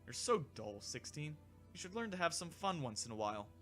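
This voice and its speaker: A man's voice: on the high side, very animated, fairly quick, faint music behind, pitched above the performer's own voice. A man voicing a cocky, hot-tempered young male android in a fan audiobook, raising his voice to snarl. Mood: smug. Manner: smug, then shouting and snarling.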